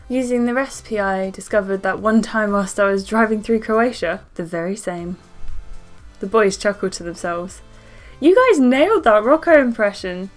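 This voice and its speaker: A young woman playing a story game, reading its lines aloud and breaking in with excited asides. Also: mid-range voice. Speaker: gaming YouTuber.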